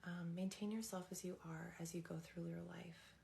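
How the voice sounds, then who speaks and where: A young woman with a low voice and a gravelly, fry-laden edge. She tells stories to her live chat in a loose, rambling way, full of fillers and restarts, and breaks off to say hi to viewers by name. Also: fairly even intonation, normal speed, mellow, a little hiss or hum. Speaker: livestreamer and former teaching assistant. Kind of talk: casual storytelling to a live chat.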